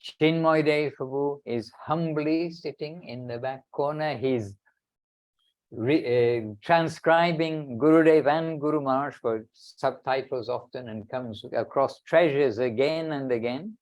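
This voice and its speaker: A man giving a devotional talk, slow and deliberate, quoting scripture with rising emphasis. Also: medium pitch, a little mellow. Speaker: swami giving a spiritual talk. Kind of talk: devotional talk on a video call.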